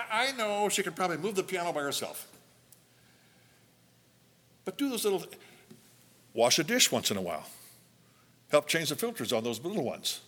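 A man's voice: on the high side, moderate pace, long pauses. An older man, a pastor, preaching a sermon and telling stories, acting out the quoted lines. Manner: animated storytelling, acts out quotes.

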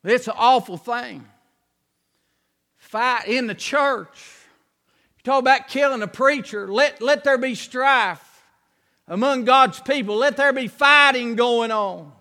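High, bright-voiced preacher. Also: male voice, takes it slowly, long pauses. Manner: folksy storytelling, acting out scenes, bursts of shouting. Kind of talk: sermon.

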